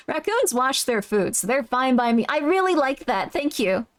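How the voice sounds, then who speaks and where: This woman livestreamer talks casually while gaming, effusive and meandering, with plenty of apologies, as game music plays behind her. Her pitch is fairly high and swings widely, her pace is normal and she rarely pauses.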